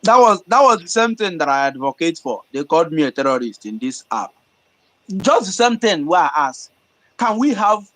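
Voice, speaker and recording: Loud high-voiced Nigerian man. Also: moderate pace, rough recording. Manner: loud, excited, laughing, switches into Igbo. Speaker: discussion participant. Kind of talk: heated online audio-room debate.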